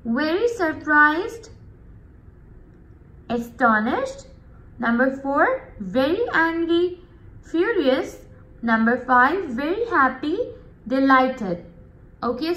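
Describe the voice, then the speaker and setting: Woman teacher w a high voice, talks super slow and drawn out, keeps asking okay students. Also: a bit bright, roomy sound. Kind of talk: recorded classroom lesson.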